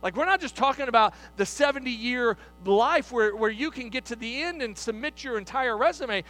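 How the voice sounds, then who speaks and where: A man preaching a sermon in an emphatic style, often repeating himself and dropping to a hush to stress a point. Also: very high-pitched, expressive, normal speed. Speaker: pastor.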